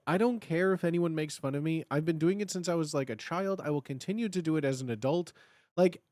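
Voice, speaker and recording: Chatting casually from home, a Chicago-area livestream host in their thirties rambles with many fillers and restarts. They're animated, leaping into high bursts when acting out cheering. It's a dry recording with clean studio sound.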